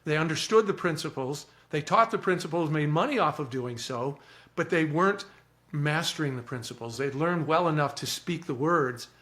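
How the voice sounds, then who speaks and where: A man speaking as a podcast guest, telling stories in an earnest, animated way and often repeating words as he starts a thought. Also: a little high, moderate pace. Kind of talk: reflective storytelling.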